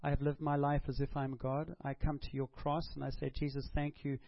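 A man's voice: medium pitch, little pitch movement, brisk, creaky, no room sound, dull audio. A man preaching a sermon, asking rhetorical questions and acting out prayers and dialogue.

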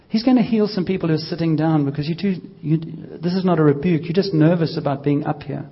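Husky, gently joking preacher man. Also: fairly high pitch, fast, few pauses, muffled recording. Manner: gentle, joking, coaxing the congregation. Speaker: pastor leading healing prayer. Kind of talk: informal church healing session.

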